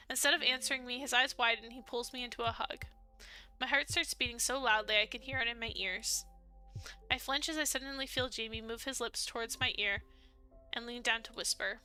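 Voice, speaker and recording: Young woman streamer, expressive, very high voice, smooth tone, faint game music behind. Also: a little fast. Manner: expressive, giggly, emotional reactions. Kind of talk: let's play with read-aloud narration.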